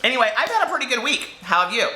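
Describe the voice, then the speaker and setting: A man's voice: extremely high pitch, sing-song, very fast, pushed and bright, echoey room, a little hiss or hum. A man chatting casually about books he read this week, rambling and giggling, overheated in a hot room. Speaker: book vlogger. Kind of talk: casual chat.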